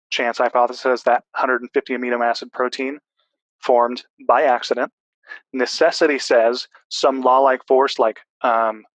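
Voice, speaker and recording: A man's voice: medium pitch, fairly bright tone, dry recording, poor audio. A man in a casual discussion, explaining at length with restarts and fillers.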